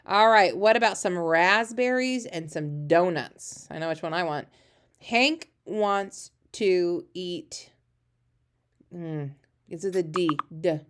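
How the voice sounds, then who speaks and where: A woman teaching a phonics lesson to young children, encouraging and animated, slowing down to read sentences aloud. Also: lowish voice. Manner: encouraging, animated, slow when reading aloud.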